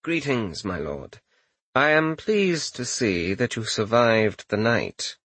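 A man's voice: medium pitch, sing-song, takes it slowly, fairly bright tone, husky, no echo, full character voice. A man voicing a disapproving, sour-spoken chamberlain with a stiff, formal manner.

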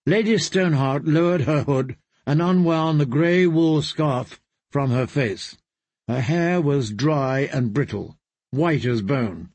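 A man reading a fantasy novel aloud with measured, grave narration. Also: a little high, darkish tone, no echo. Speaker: audiobook reader.

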